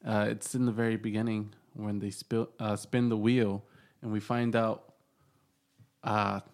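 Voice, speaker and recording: A man's voice: on the low side, flat delivery, moderate pace, darkish tone. Man hosting with hesitant filler-laden chat. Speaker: podcast co-host. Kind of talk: casual chat.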